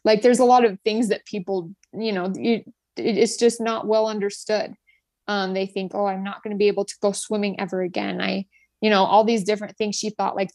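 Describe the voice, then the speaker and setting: A woman's voice: medium pitch, a little mellow, no room sound. Earnest young woman sharing her story. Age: 20s. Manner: earnest, grateful, many fillers and restarts. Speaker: guest, nurse. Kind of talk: personal story in an interview.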